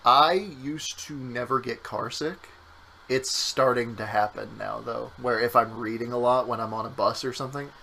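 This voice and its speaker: A man's voice: medium pitch, moderate pace, vocal fry, bright, forceful tone, a little hiss or hum, low-quality recording. A man streaming a game with his partner, chatting casually and joking around, sometimes breaking into silly voices. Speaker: co-host playing a game on stream. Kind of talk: casual gameplay chat.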